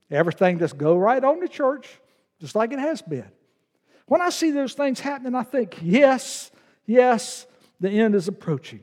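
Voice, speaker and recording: A man preaches to his congregation, his high voice rising and falling in lively swings. He moves from loud declarations to soft asides, and his words ring out in the long reverb of a large church sanctuary. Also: normal speed. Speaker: guest preacher. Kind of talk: sermon.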